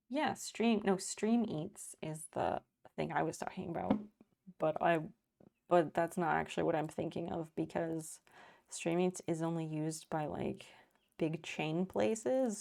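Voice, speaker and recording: Woman in her thirties, live streamer, gravelly, dark-toned, rambling casual chat, swears freely. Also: lowish voice. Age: 30s.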